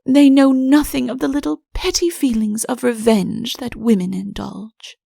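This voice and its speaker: A woman voicing a scheming, flirtatious countess in an audiobook, with a breathy, whispery delivery and a put-on meekness. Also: a little high, fairly even intonation, moderate pace, dark tone, dry recording, clean studio sound. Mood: beseeching. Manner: coy, feigns meekness. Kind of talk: audiobook character voice.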